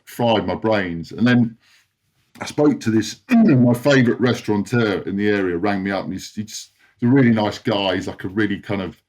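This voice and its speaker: A man's voice: on the low side, moderate pace, a little mellow. Rambling, self-deprecating man in his forties. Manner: rambling storyteller, self-deprecating, laughs often. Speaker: podcast guest, former rugby player. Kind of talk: casual anecdotal chat.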